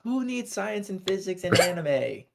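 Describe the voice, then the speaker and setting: A man's voice: high-pitched, sing-song, measured pace, gravelly, very noisy. A man co-hosting a podcast, casually recapping an anime episode in loose, slangy storytelling and briefly acting out the characters' lines. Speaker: podcast co-host.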